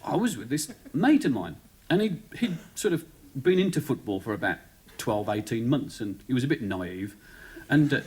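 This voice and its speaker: A man's voice: mid-range voice, sing-song, moderate pace. A man with a Birmingham accent telling a story on stage as a stand-up comedian, rambling and chatty with lots of "you know". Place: TV studio before a live audience. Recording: 1970s TV studio recording, loud audience laughter.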